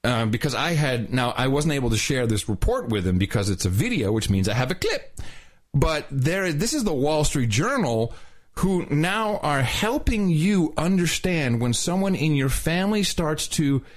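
A man hosting a podcast, talking in a sarcastic, mocking, animated way. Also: on the high side, moderate pace. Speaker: podcast host. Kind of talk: casual podcast talk.

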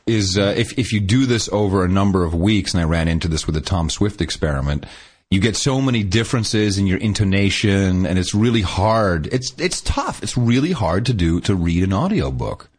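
A man talks in a relaxed, rambling way, often breaking off and starting over. His voice sits somewhat low. The sound is easygoing podcast conversation. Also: normal speed, husky. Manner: rambling, restarts sentences, laughs often. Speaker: podcast co-host. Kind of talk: casual chat.

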